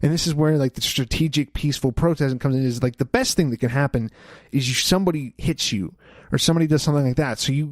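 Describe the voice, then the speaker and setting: A young man hosts a solo podcast, rambling casually through his opinions with many fillers and restarts. His mid-range voice has a darkish tone, and the studio-quality recording has no echo.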